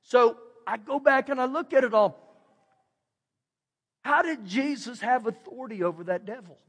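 A middle-aged man with a Texan accent, preaching a folksy, animated storytelling sermon and repeating phrases for emphasis. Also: very high voice, normal speed. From Texas. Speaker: pastor. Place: church sanctuary. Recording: long hall reverb.

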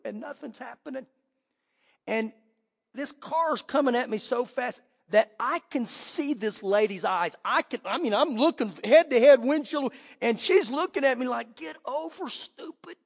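Middle-aged male preacher, high voice, dramatic sermon storytelling, church hall echo. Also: vocal fry. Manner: dramatic storytelling, swings from hushed to loud. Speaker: pastor. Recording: long hall reverb.

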